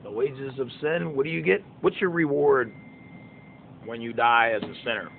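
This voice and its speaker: A man's voice: medium pitch, moderate pace, creaky, narrow, tinny audio, a little hiss or hum. A man in his fifties preaching in an informal, emphatic way, full of folksy rhetorical questions. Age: 50s. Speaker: preacher and songwriter.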